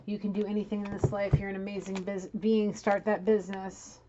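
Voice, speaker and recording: A woman giving a casual tarot reading, blunt and profane, scolding and animated as she talks. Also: mid-range voice, brisk, highs cut off, noisy background. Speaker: tarot reader.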